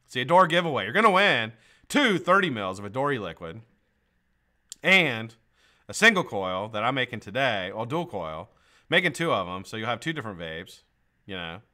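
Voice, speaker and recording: A man's voice: mid-range voice, big pitch swings, moderate pace, sharp tone. A man hosting a casual live stream. He chats loosely, swears a lot and laughs often. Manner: profane, joking, laughs often. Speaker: livestream host.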